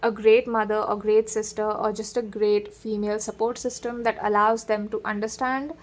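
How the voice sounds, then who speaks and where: A woman's voice: medium pitch, level tone, moderate pace. A woman giving a casual spoken tarot reading, talking straight to the listener and drifting into digressions and asides. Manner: digressive, addresses the listener directly with frequent asides. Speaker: tarot reader.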